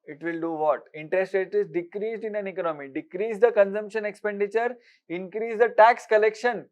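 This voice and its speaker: A man giving an exam-prep lecture, briskly quizzing listeners with repeated rhetorical questions and mixing with Hindi. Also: high voice, steady tone. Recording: dull lo-fi recording.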